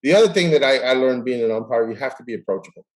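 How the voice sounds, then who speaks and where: A middle-aged man, a guest in a casual chat, tells stories and acts out quoted dialogue in an animated way. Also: medium pitch, racing. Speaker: guest, baseball umpire.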